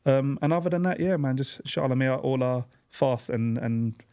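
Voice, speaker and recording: A man chats on a podcast at a middling pitch. He ribs his friends playfully and speaks earnestly when offering advice, with plenty of fillers. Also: normal speed, warm tone, smooth. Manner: teasing, then earnest when giving advice. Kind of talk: casual chat.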